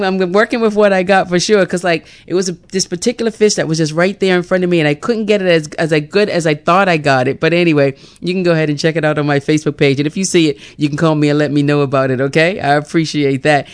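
A middle-aged host opens a morning worship call-in show in a smooth, clear voice. The delivery is lively and conversational, with laughter breaking in. Casual devotional talk runs alongside spoken prayer. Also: mid-range voice. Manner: lively and chatty, laughs often.

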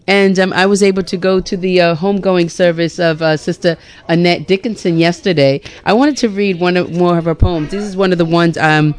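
Smooth-voiced effusive woman radio host. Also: fairly low pitch, a little fast. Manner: warm, effusive, laughing often. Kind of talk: radio talk show chat.

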